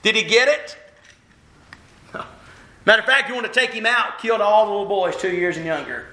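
A high, bright-voiced man preaches to his congregation with animated energy. He acts out the people he quotes as he goes. His voice rings around a large, echoey church. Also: fairly quick. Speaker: pastor. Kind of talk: sermon. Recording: roomy church echo.

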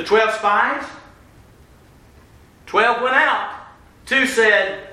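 A man preaching a sermon as pastor, animated, acting out the voices of the people he quotes. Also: sits high, measured pace. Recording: roomy church echo.

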